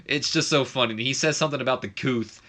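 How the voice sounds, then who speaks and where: A man's voice: medium pitch, pushed and bright. A young man casually recapping a wrestling management game, chatty, with lots of fillers and self-corrections. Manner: does quick mock voices of others. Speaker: game commentator.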